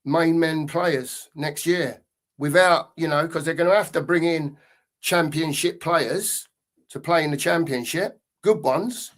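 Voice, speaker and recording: A man's voice: on the high side, unhurried, fairly bright tone. A man in a casual football fan chat, rambling and thinking aloud with fillers.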